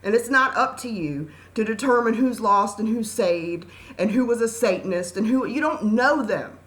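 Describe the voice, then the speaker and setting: A woman's voice: fairly high pitch, expressive, moderate pace, a bit bright. A middle-aged woman hosting her own channel, talking earnestly and scolding her viewers in a preachy, emphatic way. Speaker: channel host. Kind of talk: impassioned talk to camera.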